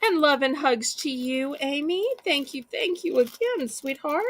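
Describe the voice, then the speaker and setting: A woman's voice: sits high, measured pace, a little hiss or hum. A woman hosting a live online auction, with chatty, folksy sales patter and a voice she says is wearing out. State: losing her voice. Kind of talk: live-stream selling chat.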